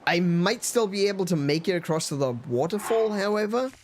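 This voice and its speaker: Guy streaming a game, joking w chat, laughs a lot, kinda higher voice, faint game noise behind. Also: animated, a little fast. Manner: playful, jokey, laughs a lot, talks to chat. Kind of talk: casual live gameplay commentary.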